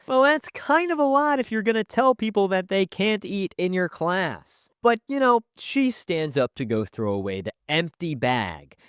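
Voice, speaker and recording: A man narrating a storytime in an animated, conversational, wry way. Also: fairly high pitch, clear, resonant tone, dry recording, studio quality. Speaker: storytelling youtuber.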